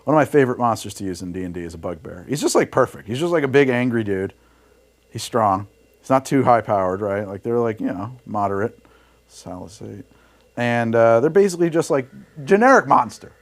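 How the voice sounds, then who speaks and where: Animated, heated man streaming casually. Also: medium pitch, fairly quick. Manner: rambling, heated and profane, laughs often. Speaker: livestream host making drinks. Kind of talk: casual livestream chat. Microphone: studio mic through a mixer rig.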